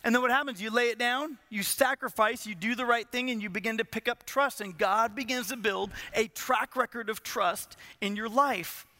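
A man's voice: extremely high pitch, moderate pace, few pauses, bright, forceful tone, no room sound. A man preaching a sermon as a pastor, building intensity and asking the congregation rhetorical questions.

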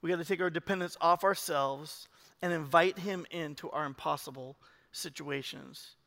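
A man preaching with a high, bright, sharp voice, swinging from loud urging to hushed emphasis. It is a lively church sermon, recorded with the long reverb of a large hall. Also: normal speed, vocal fry. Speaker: pastor.

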